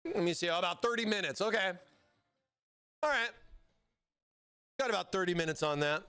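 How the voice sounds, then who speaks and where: High-pitched chatty American streamer. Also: male voice, lively intonation, moderate pace, bright, forceful tone, clear, resonant tone. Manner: chatty, answers chat, self-interrupting. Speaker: livestream host building a PC. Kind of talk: casual live-stream chat.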